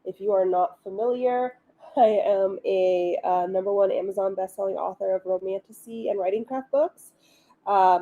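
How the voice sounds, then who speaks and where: Chatty woman hosting a livestream, mellow. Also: medium pitch, lo-fi sound. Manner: chatty, upbeat, many ums and asides. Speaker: livestream host and author. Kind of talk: casual livestream chat.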